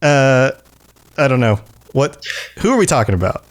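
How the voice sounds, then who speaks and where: A man's voice: medium pitch, very animated, moderate pace. A man hosting a lore podcast in a casual, jokey way, laughing often and teasing his co-host. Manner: jokey, laughs often, fond of silly accents.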